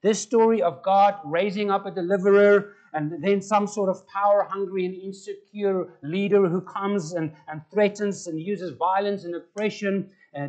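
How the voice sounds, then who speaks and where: High-voiced preacher. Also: male voice, a little mellow. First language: Afrikaans. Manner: conversational, asks the congregation questions. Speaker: pastor. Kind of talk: sermon.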